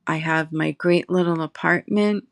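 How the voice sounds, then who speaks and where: A middle-aged woman, a guest in recovery, telling her personal story slowly and reflectively, pausing often. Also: sits low, steady tone, dry recording, studio quality. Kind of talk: emotional personal testimony. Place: her apartment.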